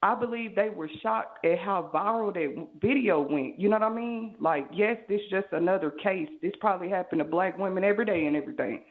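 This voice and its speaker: A woman's voice: medium pitch, a little fast, hardly any pauses. A woman with a Southern US accent calling in to a talk show and speaking in a preachy, rambling way. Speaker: caller. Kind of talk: call-in monologue. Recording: tinny phone line.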